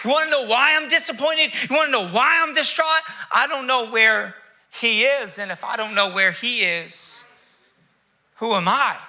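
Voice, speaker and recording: A grieving woman cries out at an empty tomb, her voice climbing high, strained and piercing, as a male preacher acts her out. She fires off question after question in anguish. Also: normal speed, sharp tone, heavily acted. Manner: anguished rhetorical outpouring, raised voice.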